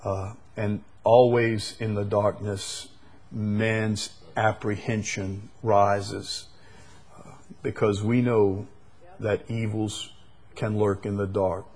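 A male preacher delivering a sermon slowly and emphatically, with sudden loud, high bursts and soft drops. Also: flat delivery, breathy edge.

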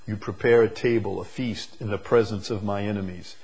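Husky man preaching with rising emphasis. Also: on the low side, fairly even intonation. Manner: swings from soft, slow reflection to loud emphatic peaks. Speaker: pastor. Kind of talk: sermon.

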